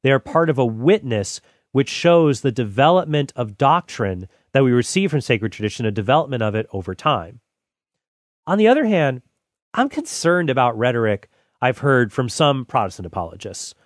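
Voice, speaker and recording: A man reading old church writings aloud and commenting on them in a measured, deliberate way. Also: mid-range voice, sing-song, no room sound, studio quality. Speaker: Catholic apologist host.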